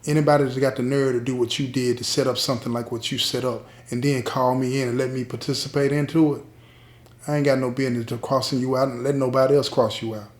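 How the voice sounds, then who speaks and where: A man's voice: mid-range voice, level tone, fast talker, natural voice. A man voicing an older male prison gang leader who gives blunt, fatherly street advice. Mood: firm advice. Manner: blunt street talk, commanding. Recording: roomy echo.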